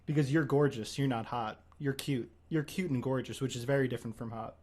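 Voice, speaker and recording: A young man hosting a livestream, talking in a deadpan, rambling way. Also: medium pitch, brisk. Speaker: streamer host. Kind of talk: casual livestream chat.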